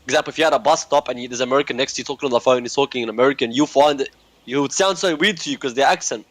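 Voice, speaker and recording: A man with an Australian accent chatting casually, quick and chatty, often repeating his words. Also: mid-range voice, dry recording. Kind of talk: casual chat.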